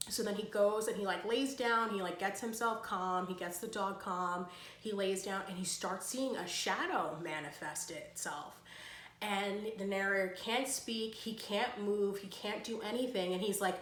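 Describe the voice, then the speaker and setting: A woman's voice: mid-range voice, moderate pace, a bit bright. A woman casually summarizing a story, rambling, with slang and lots of fillers. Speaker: book vlogger. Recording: roomy echo.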